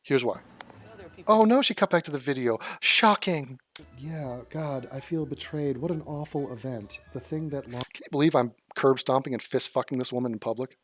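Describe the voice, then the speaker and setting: A YouTuber from Los Angeles does sarcastic, profane reaction commentary, mocking the clips he's watching. He talks briskly in a mid-range voice.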